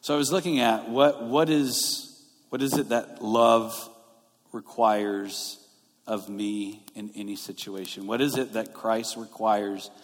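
A man's voice: fairly low pitch, steady tone, slow. A male pastor preaching a sermon in a conversational way, explaining scripture verse by verse. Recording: long reverb of a large hall.

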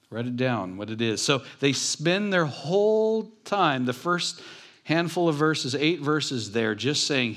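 A man's voice: medium pitch, a bit bright. A man preaching a sermon in a church, talking in a conversational, joking way with his congregation. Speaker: pastor. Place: church building.

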